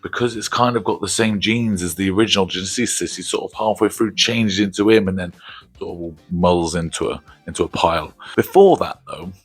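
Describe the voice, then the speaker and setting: A man's voice: low-pitched, a little fast, fairly bright tone, slightly rough, no room sound, faint music behind. A man hosting a casual movie review, rambling, laughing often and swearing casually.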